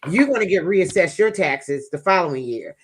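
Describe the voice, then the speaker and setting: A woman's voice: on the low side, normal speed, a little hiss or hum. Chatty woman telling a story. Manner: chatty, animated, folksy. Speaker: vlogger. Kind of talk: casual storytelling to viewers.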